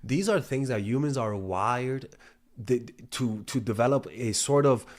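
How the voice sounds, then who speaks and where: A man's voice: medium pitch, lively intonation, measured pace. A young man giving casual dating advice, swearing freely and often restarting his sentences. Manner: profane, storytelling, frequent restarts and stumbles. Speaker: dating coach. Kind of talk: casual talking-head advice.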